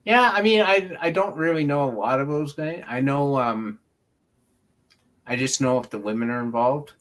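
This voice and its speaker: A man hosting a casual podcast chat, relaxed and chiming in with short quips. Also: medium pitch, normal speed. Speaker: podcast host.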